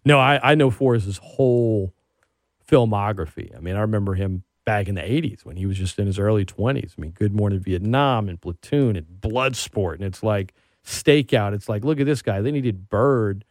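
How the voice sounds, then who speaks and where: A man hosting a radio show, chatting casually and telling stories with animated excitement. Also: on the low side, moderate pace, no room sound, clean studio sound. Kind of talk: casual chat.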